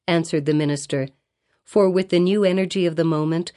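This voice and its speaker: A woman narrates a classic novel in measured, expressive storytelling. Her voice is mellow and dark in tone, sitting a little low for a woman. The reading is steady and scripted. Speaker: audiobook narrator.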